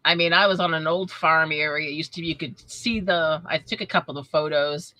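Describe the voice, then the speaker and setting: A woman with a New England accent and a slightly raspy, tired voice, chatting on a live show and greeting viewers by name. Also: low voice, a little fast, bright, forceful tone, dry recording, low-quality recording. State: tired, recovering from illness. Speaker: co-host of a metal detecting live show. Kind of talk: casual live-stream chat.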